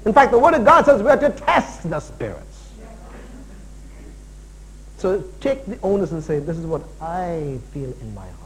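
Animated high-voiced male pastor preaching. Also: normal speed, pauses often, a little hiss or hum, rough recording. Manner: animated preaching with asides and jokes. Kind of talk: sermon.

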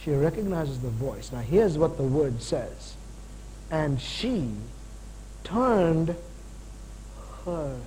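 A man in his forties preaching a sermon, animated, swinging between loud emphasis and quiet, slow points. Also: a little high, a little hiss or hum, low-quality recording. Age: 40s.

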